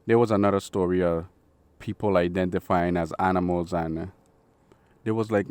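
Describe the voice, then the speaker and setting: A man's voice: low voice, steady tone, normal speed, darkish tone, smooth, no echo. A man delivering a blunt, profane, preachy opinion monologue as a channel host.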